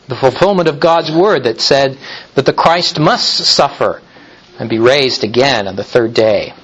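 A male preacher delivering a sermon at a slow, unhurried pace. He speaks in a mid-range voice, deliberate and emphatic, and often repeats a word as he restarts a phrase. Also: mid-range voice, a bit bright, rough recording.

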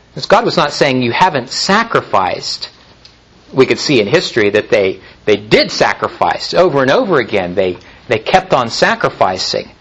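A man preaching a sermon in a measured way, with frequent pauses and restarts. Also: mid-range voice, fairly bright tone, breathy edge, rough recording. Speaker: pastor.

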